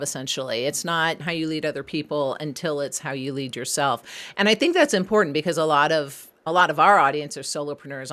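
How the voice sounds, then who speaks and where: A woman's voice: deep voice, fairly bright tone. A woman co-hosting a podcast interview, framing questions and affirming the guest. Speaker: podcast co-host. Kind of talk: interview conversation.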